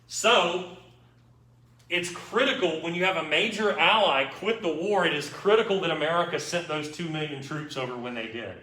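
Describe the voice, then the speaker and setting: A man's voice: on the high side, moderate pace, sharp tone. A man giving an informal, wry history lecture to a class, checking in with his students as he goes. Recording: echoey room, mic far off.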